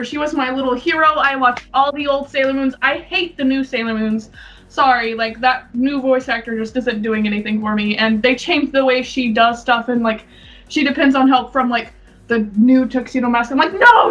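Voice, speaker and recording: A woman's voice: sits high, steady tone, moderate pace, a bit bright, distant mic. A young woman co-hosting a casual podcast, rambling and giggling as she chats. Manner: giggly, rambling, often breaks into laughter. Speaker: podcast co-host. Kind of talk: casual chat. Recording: dull lo-fi sound from off mic, faint music.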